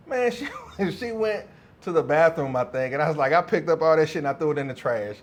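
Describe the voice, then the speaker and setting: A man's voice: mid-range voice, expressive, fairly quick. A young adult man, a podcast co-host, telling a story in casual chat, laughing often and acting out the quotes.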